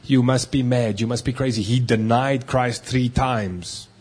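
Male pastor preaching, husky voice, mid pitch, gets loud then drops way quiet for emphasis. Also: fairly even intonation, a little slow. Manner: emphatic, swings between loud and hushed. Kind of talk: sermon.

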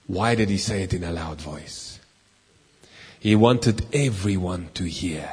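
Husky preacher in a reverberant hall. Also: male voice, mid-range voice. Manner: swings from loud emphatic lines to slow, quiet, drawn-out words. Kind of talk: sermon.

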